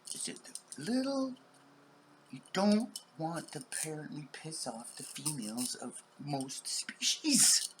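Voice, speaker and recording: A middle-aged man in a rambling, profane vlog monologue, dropping to whispers and bursting into shouts. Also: fairly high pitch, sing-song, takes it slowly, very noisy. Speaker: vlogger.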